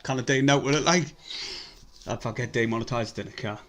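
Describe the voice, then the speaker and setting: A young man, commenting live on a match for his stream. He swears a lot, mutters under his breath and breaks into excited bursts. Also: mid-range voice, a little fast. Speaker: fan livestream host.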